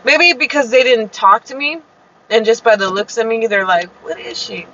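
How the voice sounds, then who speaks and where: A woman's voice: on the high side, animated, normal speed, pushed and bright. A young Chicana woman, chatting casually on a live stream, telling a story with lots of fillers and quoted dialogue. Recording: slightly dull lo-fi sound with faint background noise.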